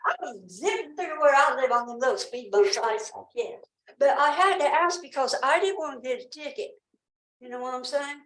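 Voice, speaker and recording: A woman with a Southern accent speaks in a slightly high voice, rambling and nervous, with her words sometimes coming out with effort. She is heard in a roomy meeting hall with echo around her. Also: lively intonation, brisk, a bit bright, a little hiss or hum. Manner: rambling, nervous, speech difficulty. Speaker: resident speaking at public comment. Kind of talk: emotional personal account. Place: town council meeting room.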